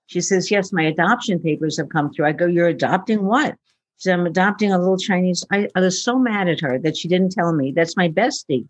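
Speaking a little fast in a fairly low voice, a female futurist shares personal stories during a relaxed interview. She leans on fillers and acts out what people said. No room sound is audible.

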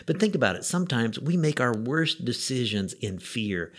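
A man who is a pastor, giving a radio devotional message in an earnest, conversational storytelling way with lively emphasis. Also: mid-range voice, moderate pace, hardly any pauses.

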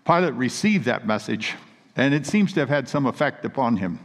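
Preaching in a mid-range voice, a man speaks a little fast and animatedly, telling earnest, emphatic stories and reading scripture quotes. The sound echoes with the long reverb of a big hall.

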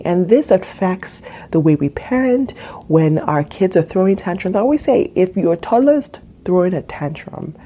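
A woman's voice: fairly low pitch, mellow, slight background noise. A woman hosting a solo podcast, earnest and repeating key phrases for emphasis. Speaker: podcast host and parenting coach.

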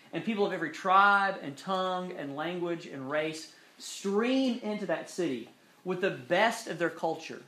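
A man preaching a sermon, earnest, with slow emphatic phrasing that drops softly into prayer. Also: fairly high pitch. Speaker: pastor. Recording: echoey room.

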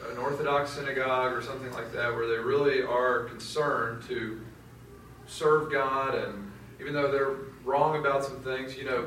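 A man's voice: medium pitch, fairly bright tone. Earnest guy leading a class talk, sounds far off, room echo, light noise. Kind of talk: teaching in a group discussion. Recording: roomy, from a distance, faint noise.

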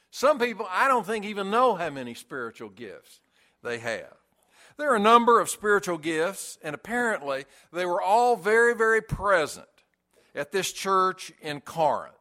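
A man preaches a sermon in a slow, measured way, leaning on pauses for weight. His voice sits a little high and carries a bright, forceful edge. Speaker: pastor.

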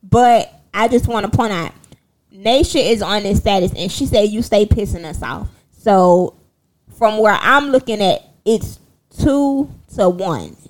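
A young woman, chatting casually and sassily to her viewers, telling a story in an animated way with laughter. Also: medium pitch, a little slow. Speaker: livestream host.

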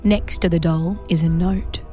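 A woman's voice: lowish voice, fairly even intonation, unhurried, mellow, soft background music. A woman co-hosting a radio show, telling a story and teasing her co-host playfully. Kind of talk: casual radio banter, storytelling.

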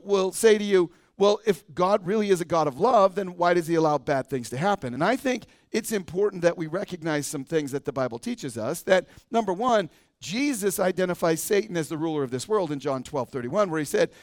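A man's voice: high voice, expressive, brisk, no room sound, studio quality. A man preaching a sermon as pastor, talking conversationally and often checking in with a "right?". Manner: conversational, asks the congregation and adds "right?". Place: church sanctuary.

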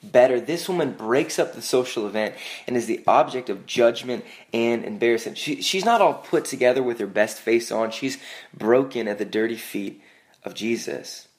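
A young man preaches to a congregation with an easy, chatty delivery. His pitch sits in the middle of the male range, and he moves between scripture and self-deprecating stories, often restarting his sentences. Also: moderate pace. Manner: conversational, self-deprecating storytelling with frequent "like" and restarts. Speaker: pastor. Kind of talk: sermon.

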